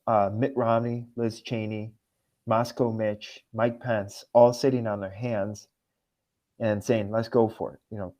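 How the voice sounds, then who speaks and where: A man's voice: fairly low pitch, flat delivery, measured pace, dark tone. A man from Russia, a guest on a political podcast, speaking in an emotional, earnest way.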